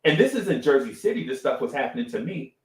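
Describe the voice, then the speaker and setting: Animated middle-aged man, echoey room. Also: mid-range voice, fast. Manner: animated storytelling, repeats phrases, says "right?" often. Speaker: podcast co-host. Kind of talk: casual live-stream talk.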